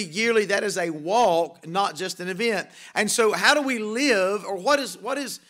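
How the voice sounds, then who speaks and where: A man's voice: high voice, pushed and bright. A male pastor preaching an evening sermon in a church, emphatic, asking rhetorical questions and repeating key phrases. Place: church sanctuary.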